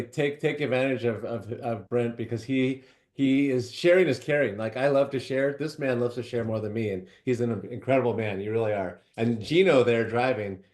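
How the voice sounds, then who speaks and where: A man's voice: medium pitch, a little mellow. A man on a video call asking an earnest question, often repeating words as he talks. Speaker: real estate agent asking a question.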